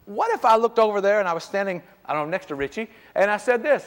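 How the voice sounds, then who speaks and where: A man's voice: high-pitched, lively intonation, fast, few pauses. A middle-aged man preaching a sermon as pastor, in a conversational style with frequent restarts and repeated words. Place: church sanctuary. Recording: church hall with long reverb.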